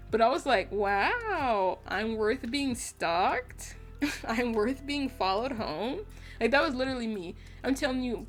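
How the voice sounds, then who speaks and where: A woman with a fairly high voice tells a story to her viewers in a casual, rambling way. She leans on "like" as a filler and breaks into laughs often. Faint music plays quietly behind her. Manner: chatty, lots of "like" fillers and laughs. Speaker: vlogger.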